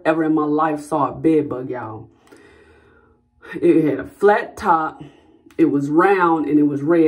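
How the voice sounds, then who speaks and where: A woman talks straight to her viewers in a relaxed vlog. She rambles in a chatty, personal way and keeps calling her audience y'all. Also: low-pitched. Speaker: vlogger. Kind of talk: casual talk to camera.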